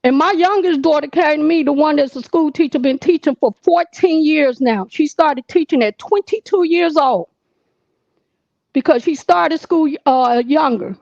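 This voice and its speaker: A woman's voice: high-pitched, a little mellow, no room sound, highs cut off. A woman in her sixties calling in to tell a long personal story in an earnest, emphatic, repetitive way. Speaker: caller.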